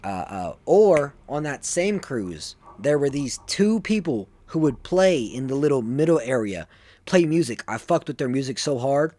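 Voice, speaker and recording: A man's voice: medium pitch, very animated, a little slow, a little mellow, slight background noise. Rambling eighteen-year-old guy. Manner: rambling, full of fillers and restarts. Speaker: vlogger. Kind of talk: casual storytelling.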